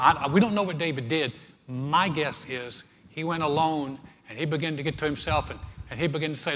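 A male pastor preaching a sermon, earnest, building in force as he quotes scripture. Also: on the high side. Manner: earnest preaching, swelling louder when quoting scripture. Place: church sanctuary. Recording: church hall reverb.

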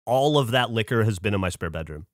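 Animated, swearing podcast man, dry mic. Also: fairly low pitch, quick pace, no room sound. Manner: animated storyteller, swears freely. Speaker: podcast co-host. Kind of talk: casual podcast chat.

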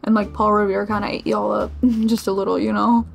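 A woman's voice: mid-range voice, fairly even intonation, moderate pace, vocal fry, faint music behind. A 21-year-old woman from Massachusetts, a streamer answering viewer questions in a casual vlog, chatty and playfully self-mocking. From Massachusetts, USA.

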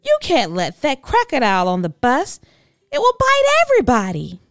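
A woman voicing a spiteful, sulky young girl with a shrill, whiny voice in a children's storybook. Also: huge pitch swings, takes it slowly, dry recording, studio quality, exaggerated voice.

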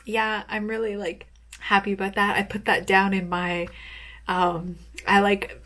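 A woman author chatting casually in a vlog, rambling with lots of fillers and soft laughs. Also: medium pitch, little pitch movement, measured pace. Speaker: author vlogger.

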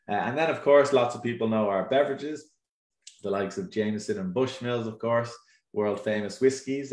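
An Irish man talks with easy enthusiasm, full of ums and uhs. His voice sits on the low side. The room around him has a noticeable echo. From Ireland. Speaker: tour operator representative. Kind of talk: casual presentation on a live stream.

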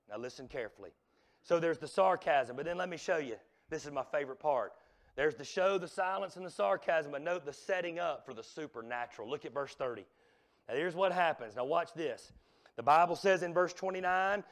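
A man preaching a revival sermon in a church, swinging from loud exhortation to hushed, near-whispered lines. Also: fairly high pitch. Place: church sanctuary.

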